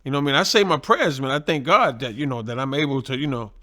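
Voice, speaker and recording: A man in his sixties, a guest telling animated, profanity-laced stories in casual conversation, laughing at his own tales. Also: medium pitch, fast. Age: 60s. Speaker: guest, boxing trainer and former champion. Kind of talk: casual storytelling.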